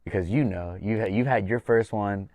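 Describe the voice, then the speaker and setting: Male podcast host, low register, dry close mic, animated profane storyteller. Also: moderate pace, no echo. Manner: animated storyteller, swears freely, acts out corner talk. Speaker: podcast host and MMA coach. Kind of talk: casual podcast chat.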